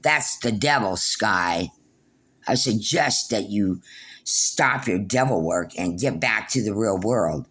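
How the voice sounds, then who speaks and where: A woman imitating a dismissive male cousin who lectures her slowly and scornfully. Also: a bass voice, lively intonation, fairly bright tone, husky, pitched below the performer's own voice, exaggerated voice. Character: scolding dismissive man, a cousin.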